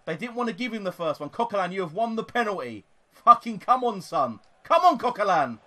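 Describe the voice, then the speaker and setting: A young British man commentating live on his football video game, excitable and sweary, shouting when goals go in. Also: sits high, brisk. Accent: British English. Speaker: gaming YouTuber.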